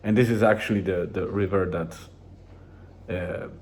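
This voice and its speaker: Low, dark-voiced man rambling casually. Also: normal speed. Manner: rambling, relaxed, with many restarts and fillers. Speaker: vlogger. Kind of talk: casual daily journal vlog.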